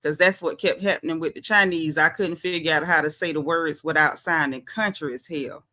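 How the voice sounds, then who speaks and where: A woman's voice: sits low, steady tone, fairly quick, sharp tone. A woman with a Southern US accent hosting a casual livestream, chatty and sassy, greeting viewers by name as she talks. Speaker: livestream host.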